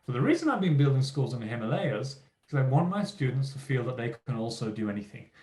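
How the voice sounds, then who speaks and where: In a reverberant space, a man with a medium-pitched voice talks fast during a motivational keynote for teachers. He's lively and emphatic, acting out what teachers and children say.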